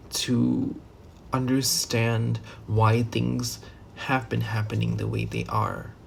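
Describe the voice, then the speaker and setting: A man gives a casual, rambling tarot reading, full of fillers, restarts and the odd curse. His voice sits at an ordinary pitch with a noticeable gravelly fry. A faint hiss of background noise runs under the recording. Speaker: tarot reader.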